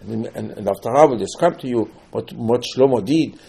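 A man's voice: mid-range voice, moderate pace, gravelly, mellow, slightly rough. A man giving a sermon on scripture, telling the stories with animation, acting out the quotes and repeating key words for emphasis. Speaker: religious teacher.

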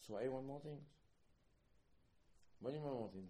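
A man's voice: medium pitch, moderate pace, pauses often, warm tone. A man teaching Torah in a sermon, repeating himself and firing rhetorical questions as he acts out little dialogues.

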